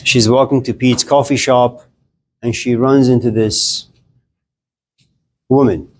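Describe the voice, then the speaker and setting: A man's voice: medium pitch, steady tone, takes it slowly, a little mellow. A man giving a casual classroom lecture in a conversational, joking way, often speaking directly to his students.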